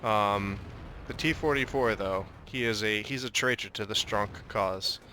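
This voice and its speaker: A man's voice: on the low side, measured pace, background noise. A young man casually commenting on his own tank battle, joking and slipping into a mock Russian way of talking. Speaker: gameplay commentator.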